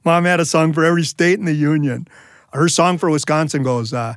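Animated storyteller man, dry studio sound. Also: fairly quick, clean tone, no echo. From Minnesota, USA. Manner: animated, leaps higher for his own quoted words. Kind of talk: told personal story, performed. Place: recording studio.

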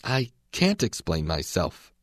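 A shy, well-mannered young girl answers hesitantly and politely, put on by a man reading aloud. Her pitch moves widely, in a dry recording. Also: huge pitch swings, slow, no room sound, heavily acted.

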